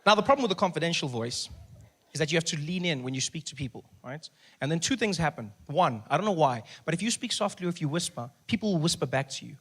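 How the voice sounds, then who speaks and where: A man performing stand-up comedy, swinging between a hushed, soft voice and loud, lively bursts. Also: fairly high pitch, quick pace, breathy edge. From South Africa. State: recovering from voice loss.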